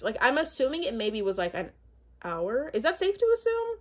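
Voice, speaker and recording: Young woman rambling thru a show recap, lots of likes and ums, a bit high voiced. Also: big pitch swings, normal speed. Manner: chatty, rambling, lots of fillers and asides. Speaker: reality show recap host. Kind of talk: casual chat.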